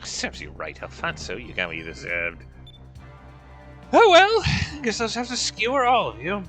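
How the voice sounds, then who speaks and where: A woman's voice: mid-range voice, huge pitch swings, moderate pace, fairly bright tone, faint music behind. A woman voicing a gloating, scheming male villain during a game playthrough, theatrical and shifting between sneers and panic. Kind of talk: voicing game dialogue during a let's-play.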